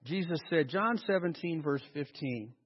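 Lively high-pitched male preacher. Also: normal speed, breathy edge, long reverb tail, highs cut off. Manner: animated, sarcastic preacher with mocking asides. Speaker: pastor. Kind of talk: sermon.

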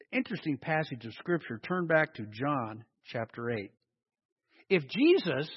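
A man preaching a conversational sermon, asking his congregation questions as he teaches. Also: high-pitched. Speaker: pastor. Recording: dull long-reverb hall sound.

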